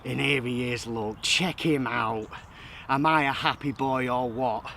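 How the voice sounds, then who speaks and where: Carp angler vlogging lakeside, winded and chuffed, medium voice, light background noise. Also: male voice, medium pitch, a little slow, pushed and bright. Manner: breathless, elated, chatty. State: out of breath. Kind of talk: excited fishing vlog. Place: outdoors by a lake.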